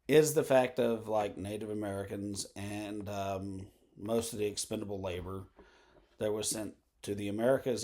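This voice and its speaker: Man, lowish voice, rambling vlog monologue, lots of fillers and tangents. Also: a little mellow. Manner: meandering, full of fillers and asides. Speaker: vlogger.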